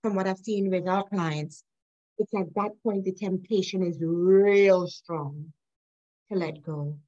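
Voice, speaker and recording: A woman's voice: fairly low pitch, steady tone, slow pace, warm tone, lo-fi sound. Middle-aged woman guest, earnest, reflective storytelling, breaks into light laughs. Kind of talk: personal storytelling in an interview.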